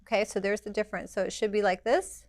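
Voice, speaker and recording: A woman's voice: mid-range voice, steady tone, quick pace, darkish tone, no echo. A woman teaching a hands-on permanent makeup lesson, practical and direct, imitating the machine's rhythm with little sounds. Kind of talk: hands-on demonstration.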